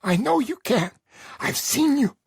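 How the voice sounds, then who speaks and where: A woman's voice: high voice, lively intonation, gravelly, breathy edge, no room sound, clean studio sound, full character voice. Woman voicing a solemn old Lakota elder. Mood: solemn, commanding. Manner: grave, slow, insistent instructions. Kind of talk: audiobook character voice.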